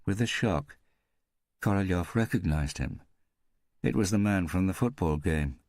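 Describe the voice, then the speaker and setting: A man narrating a mystery audiobook in a measured, steady storytelling manner, recorded close to a studio mic. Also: deep voice, dry recording.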